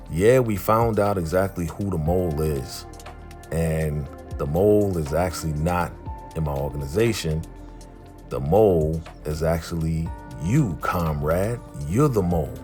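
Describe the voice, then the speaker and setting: A man with a low voice retells a TV episode scene by scene in a casual recap. He slips into the characters' lines as he goes, and faint music plays underneath. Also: darkish tone. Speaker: TV recap host.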